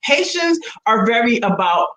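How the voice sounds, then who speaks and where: A woman's voice: on the high side, sing-song, normal speed, fairly bright tone, roomy sound, rough recording. A woman in casual chat, rambling with frequent restarts and acting out what others said.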